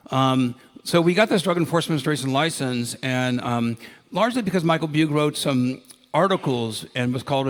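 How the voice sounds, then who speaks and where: Man in his sixties from Ohio, conference speaker, chatty anecdotal storyteller, mid-pitched. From Ohio, United States. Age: 60s. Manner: anecdotal, enthusiastic, with many fillers. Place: conference ballroom.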